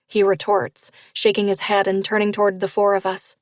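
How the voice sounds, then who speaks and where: A woman narrating a first-person romance novel in a steady storytelling read. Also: medium pitch, moderate pace, no echo, clean studio sound. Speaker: audiobook narrator.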